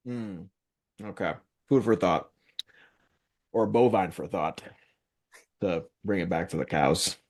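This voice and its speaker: A man's voice: deep voice, takes it slowly, pauses often, a little mellow. A young man co-hosting a casual podcast, chatting animatedly, often laughing, swearing and acting out lines from a sitcom in put-on voices. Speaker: podcast co-host recapping a sitcom. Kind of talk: casual chat.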